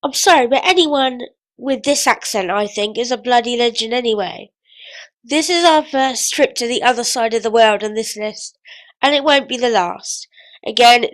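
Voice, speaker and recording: A woman's voice: high voice, fairly bright tone. A woman in her twenties counting down favourites in a chatty, jokey vlog. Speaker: vlogger. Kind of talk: casual countdown commentary.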